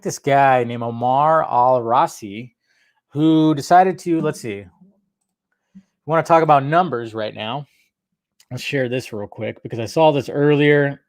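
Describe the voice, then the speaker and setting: A man hosting a casual live stream, greeting viewers by name and rambling in a jokey way. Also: mid-range voice.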